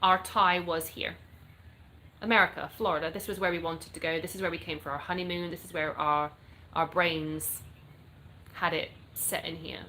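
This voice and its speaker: A woman in her thirties with a fairly low, sharp voice and fairly even intonation speaks at normal speed on a rough recording with slight background noise. Born in the US and raised in England, she has a mixed English accent. As a content creator, she reads viewer comments aloud from her North Florida home and answers them frankly in casual live chat.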